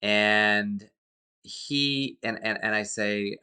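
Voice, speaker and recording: A man's voice: fairly low pitch, normal speed, pushed and bright. A man being interviewed as a guest actor, telling an anecdote in a rambling way with many fillers and restarts. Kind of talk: casual interview storytelling.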